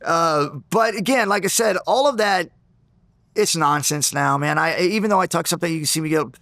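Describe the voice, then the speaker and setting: A man being interviewed, telling a story in an animated way, acting out the people in it and often restarting and repeating words. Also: fairly high pitch, a little fast, no echo, clean studio sound. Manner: animated, acts out the people in his stories. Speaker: interview guest.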